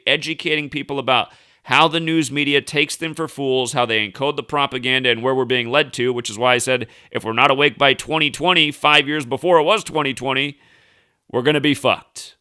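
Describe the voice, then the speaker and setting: Emphatic, ranting man with a bright voice. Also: mid-range voice, fairly even intonation, fairly quick, smooth. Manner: emphatic, indignant, rambling with restarts. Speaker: conspiracy news commentator. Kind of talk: casual ranting commentary.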